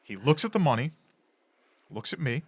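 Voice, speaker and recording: Animated man telling a story. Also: medium pitch, moderate pace, breathy edge, no echo. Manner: animated, laughs through his story. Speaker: podcast co-host. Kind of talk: storytelling in casual chat.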